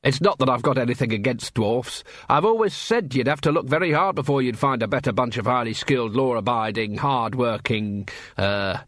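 A man's voice: mid-range voice, moderate pace, fairly bright tone, no room sound, lightly acted. A man voicing an earnest, cheerful, naive young male watchman who speaks eagerly and politely. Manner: eager, polite, wide-eyed.

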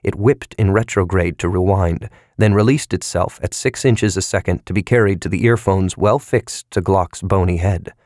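Male audiobook narrator, low register, dry studio read, measured and even. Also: no room sound. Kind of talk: scripted narration.

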